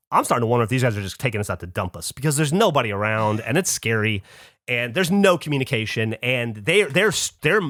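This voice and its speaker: A man hosting a podcast who tells a story in casual chat. He is animated, swears casually and acts out other people's lines. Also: medium pitch, no echo, studio quality. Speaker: podcast host.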